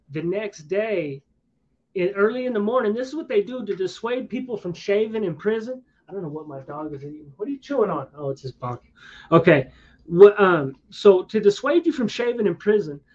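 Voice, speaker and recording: A man telling a long, rambling story in casual conversation, with slangy asides and frequent restarts. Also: high voice. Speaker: streamer. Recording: dull lo-fi sound.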